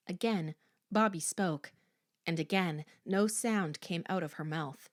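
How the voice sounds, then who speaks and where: A woman narrating a horror audiobook in a slow, hushed, suspenseful manner. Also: on the low side, no echo, studio quality.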